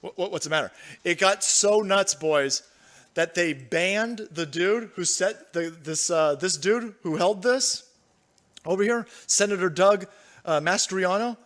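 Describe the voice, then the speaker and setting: A man's voice: high voice, slow, fairly bright tone. A young man hosting a livestream, ranting profanely about politics and reading out viewer chat. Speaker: livestream host.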